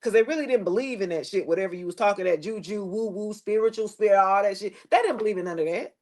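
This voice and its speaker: A woman giving a casual tarot reading to the camera, blunt and preachy, swearing freely and dropping her voice low at times. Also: quick pace, a little mellow. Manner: preachy, blunt and profane, with loose slangy phrasing; drops into a lower tone at times. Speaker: tarot reader.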